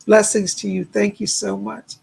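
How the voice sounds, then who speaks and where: Male psychic host on a live stream, gravelly and very raspy, gentle and reassuring, chatty. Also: high-pitched, flat delivery, moderate pace. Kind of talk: casual live-stream readings.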